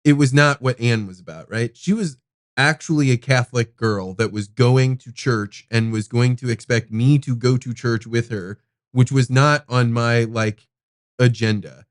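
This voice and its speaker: A man hosting a podcast tells a personal story, rambling and animated, with some casual swearing. His voice is recorded close and dry, with no room sound around it. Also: mid-range voice, normal speed, dry recording. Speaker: podcast host.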